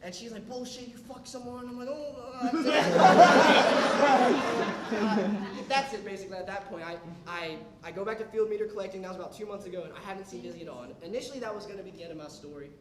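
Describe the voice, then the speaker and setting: A man's voice: sits high, brisk, hardly any pauses, a crowd in the background. A young man doing stand-up, telling a story and acting out what people said. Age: young adult. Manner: animated, acts out quotes of others. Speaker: stand-up comedian. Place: comedy club stage. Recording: roomy club sound from a distance, audience laughter. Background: audience laughing.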